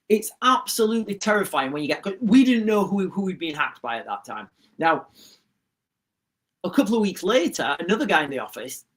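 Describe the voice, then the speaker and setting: A middle-aged livestream host tells his chat a rambling story, restarting often, as casual storytelling to a live audience. His voice is fairly high-pitched with a fairly bright tone.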